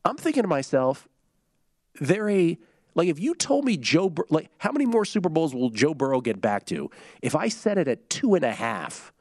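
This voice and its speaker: A man hosting a sports talk show, talking in an animated, rambling way and often breaking off his own sentences. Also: on the high side, moderate pace, dry recording, studio quality. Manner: animated, rambling, self-interrupting. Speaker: sports radio host.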